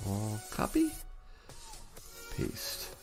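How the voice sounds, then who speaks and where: A man's voice: lowish voice, wildly swooping pitch, very slow, a little mellow, faint music behind. A man hosting a casual livestream, chatting with viewers in an upbeat, easygoing way. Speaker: livestream host.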